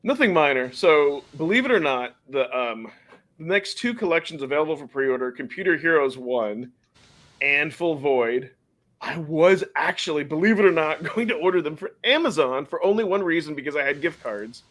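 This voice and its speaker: A man's voice: a little high, lively intonation, normal speed, fairly bright tone. A man hosting a casual podcast chat, chatty and laughing often, sometimes stumbling over names. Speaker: podcast host.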